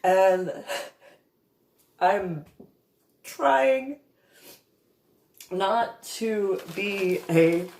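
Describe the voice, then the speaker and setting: A woman telling a painful family story to camera, in a halting, emotional way full of trailing restarts. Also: mid-range voice, animated, a little mellow. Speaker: vlogger recounting a family conflict. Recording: echoey room.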